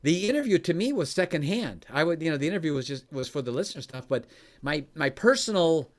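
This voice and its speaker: A man telling a story in conversation, animated and laughing often, his voice jumping high when excited. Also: quick pace. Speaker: coach and former radio host.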